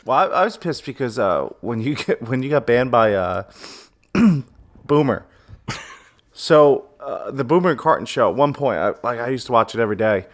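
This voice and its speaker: A man co-hosting a podcast, talking in a laid-back, halting way with fillers and laughs. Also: mid-range voice, animated. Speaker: podcast co-host. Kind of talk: casual podcast chat.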